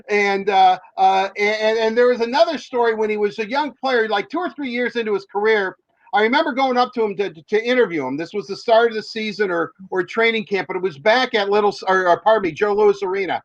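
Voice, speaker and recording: A man's voice: sits high, a little fast, no echo, highs cut off. A man, a sports reporter, telling a long story in a rambling way with many fillers and restarts. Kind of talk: casual storytelling.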